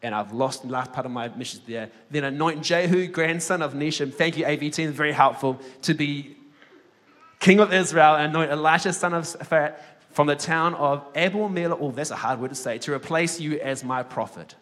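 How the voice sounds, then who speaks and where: A man leading a sermon, reading scripture aloud with slow emphasis and joking asides to the congregation. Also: a little high, a bit bright, big-room sound. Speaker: head of a ministry school, preacher.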